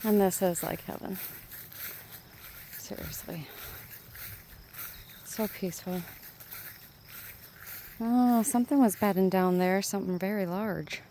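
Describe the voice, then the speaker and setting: A woman's voice: medium pitch, fairly even intonation, dark tone. A woman chatting to her viewers as she films a walk through a rural valley by the water on her phone. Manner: chatty, talking to viewers while walking. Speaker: vlogger. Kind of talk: casual nature walk vlog. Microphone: handheld phone camera. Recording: outdoor phone recording with nature noise. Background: rushing water, insects and birds.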